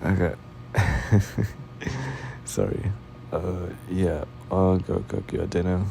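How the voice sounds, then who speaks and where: A tired man yawning constantly while speaking softly and sweetly as a doting boyfriend in a whispered role-play, drifting into whispers. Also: low voice, steady tone, takes it slowly, gravelly, slight background noise, low-quality recording. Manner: soft-spoken, affectionate, drifting into whispers.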